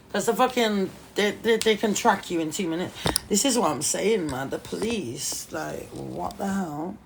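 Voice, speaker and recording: A woman's voice: mid-range voice, a little slow, creaky, slight background noise. A woman chatting casually on a phone livestream, swearing freely and calling people darling. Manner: swears a lot, animated, calls people darling.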